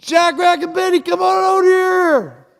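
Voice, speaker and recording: A man's voice: extremely high pitch, sing-song, slow, darkish tone, voice pushed up, exaggerated voice. A man voicing a vain, angry king who bellows orders and boasts about himself. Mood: bellowing. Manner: bellowing, bossy, pompous. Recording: echoey hall.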